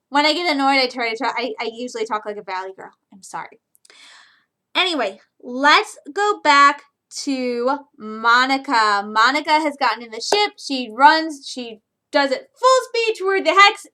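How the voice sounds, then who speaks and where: Bright, excitable young woman vlogger. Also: high-pitched. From Michigan. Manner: chatty, excitable, with frequent restarts. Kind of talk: casual recap vlog.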